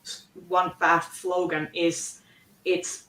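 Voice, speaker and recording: A woman on a video call in a casual book club discussion, speaking haltingly with many restarts. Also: fairly low pitch, flat delivery, fairly bright tone. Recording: roomy echo.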